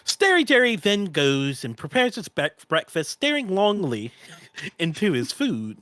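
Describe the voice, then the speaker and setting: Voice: mid-range voice, huge pitch swings, a little slow, fairly bright tone, no room sound. An improv player narrating a goofy comedic story in a playful storybook manner.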